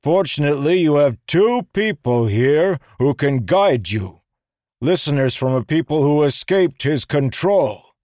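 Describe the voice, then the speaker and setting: A narrator putting on a commanding soldier who barks orders at full volume, pitched well above his own voice. The delivery is forceful and unyielding, as in a storybook read aloud, in a dry, close recording. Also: unhurried, dry recording, natural voice.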